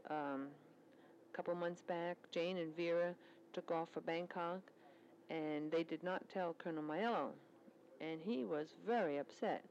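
A woman's voice: fairly low pitch, darkish tone, highs cut off, a little hiss or hum. A woman recording a spoken letter, chatting in a rambling, storytelling way about her work at a military service club.

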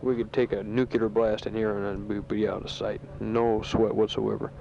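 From his sandbag bunker in a war zone, a soldier tapes a casual letter reading news to his family. His voice sits on the low side and is creaky, flat and plain, and he speaks matter-of-factly with halting pauses and fillers. The muffled lo-fi home recording has slight background noise.

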